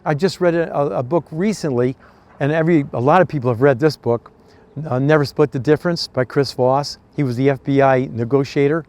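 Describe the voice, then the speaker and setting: A man's voice: mid-range voice, fairly quick, a little mellow. An older man with an American East Coast accent, giving casual advice talk as host in a folksy, earnest storytelling way.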